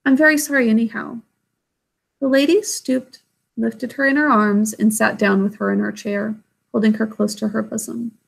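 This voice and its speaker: A woman with a somewhat high, creaky voice reads a classic children's novel aloud chapter by chapter, then chats about it. She keeps a steady tone at normal speed, and her manner is friendly and explanatory, like a storybook reader.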